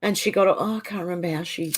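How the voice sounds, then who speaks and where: Speaking fast with a breathy edge, this middle-aged woman's voice is fairly low in pitch. She has an Australian accent and hosts a livestream, reading viewer comments aloud in casual chat and frequently leaving sentences unfinished.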